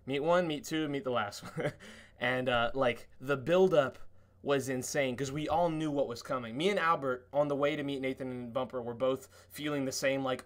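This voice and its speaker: A podcast guest tells stories excitedly at a normal speed in a casual chat, full of cursing and fillers. When quoting people, he acts the lines out loudly in a much higher voice.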